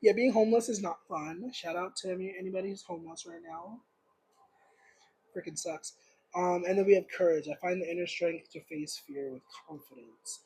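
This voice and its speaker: A man's voice: high-pitched, fairly even intonation, a little fast, a little mellow, slightly rough, rough recording. A young man giving a casual livestream tarot reading, rambling and searching for words with lots of fillers. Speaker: tarot reader.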